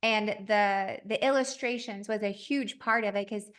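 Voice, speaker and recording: A woman podcast host in her thirties, telling a story in a lively, conversational way and acting out the dialogue. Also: medium pitch, normal speed. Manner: animated, acts out quoted dialogue.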